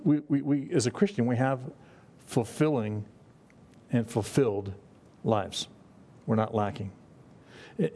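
The sermon comes from a middle-aged pastor whose mid-range voice is creaky and darkish. He keeps it conversational with the congregation, restarting phrases frequently and saying "you know" a lot.

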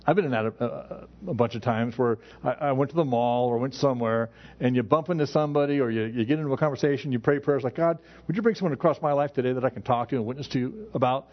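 A man's voice: medium pitch, quick pace, hardly any pauses. Man, middle-aged, pastor, casual sermon, stumbling restarts, dull lo-fi recording. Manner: conversational preaching with frequent restarts.

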